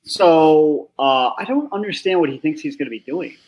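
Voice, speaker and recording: A man co-hosting a podcast, talking in casual comedic chat with dry, deadpan complaints. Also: on the high side, moderate pace, slight background noise, poor audio. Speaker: podcast co-host.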